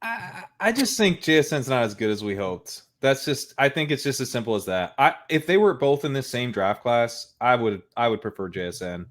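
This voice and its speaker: A man's voice: mid-range voice, expressive, normal speed, few pauses. A man with a mid-range voice appears as a guest analyst in a casual sports discussion. He gives candid, plainly stated opinions and openly concedes when he could be wrong.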